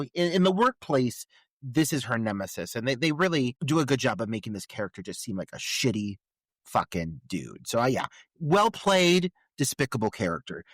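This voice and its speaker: A man's voice: mid-range voice, no room sound. A man co-hosting a movie podcast, talking casually and rambling with lots of fillers and restarts. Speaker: podcast co-host. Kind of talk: casual movie review chat.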